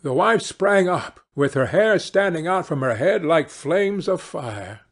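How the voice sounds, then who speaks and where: A man narrating a fairy-tale audiobook in a slow, deliberate reading. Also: fairly high pitch, lively intonation, gravelly. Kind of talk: audiobook storytelling.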